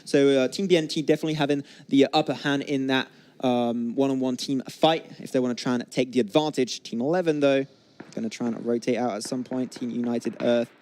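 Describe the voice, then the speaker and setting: A man calling live play-by-play commentary for an esports match, getting excitable on big plays. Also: mid-range voice, a little fast.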